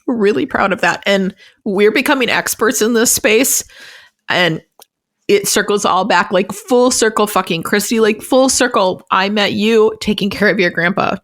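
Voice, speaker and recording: A woman's voice: mid-range voice, moderate pace, fairly bright tone, dry recording, clean studio sound. A woman co-hosting a podcast in casual chat, emotional and tearful, swearing freely, recorded over a remote call. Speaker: podcast co-host and realtor.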